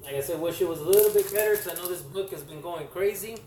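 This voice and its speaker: A man talks loosely and haltingly, stopping for fillers and correcting himself as he goes. His voice sits a little high and comes from some distance off the mic. The room around him rings with echo, and a faint hiss runs under it. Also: dark tone. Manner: rambling, halting, lots of fillers and self-corrections. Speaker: comic collector vlogger. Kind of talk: casual show-and-tell vlog.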